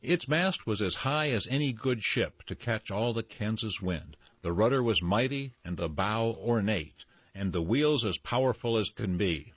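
A man reads a folksy tall tale with a low, husky voice. His delivery swings widely up and down. The recording is dry and dull. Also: measured pace, few pauses, dry recording. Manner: lively folksy reading. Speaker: storyteller. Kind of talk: reading a tall tale aloud.

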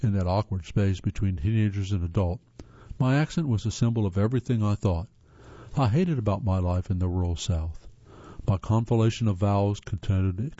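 A man's voice: fairly low pitch, dark tone, no echo. A man from the northern United States reading articles aloud as a host, earnest, with spoken asides and occasional stumbles. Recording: slightly dull lo-fi sound.

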